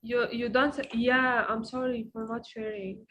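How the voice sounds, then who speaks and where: A woman with an Egyptian Arabic accent teaches English pronunciation over a video call. Her voice sits high and bright, and she speaks slowly, repeating each word again and again as she corrects her students. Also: level tone, rough recording. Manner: repeats words slowly in drills. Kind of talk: online pronunciation lesson.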